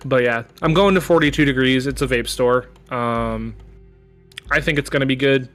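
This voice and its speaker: A young man co-hosting a casual podcast chat, relaxed and rambling, swearing now and then. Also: medium pitch, moderate pace, soft background music. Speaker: podcast co-host.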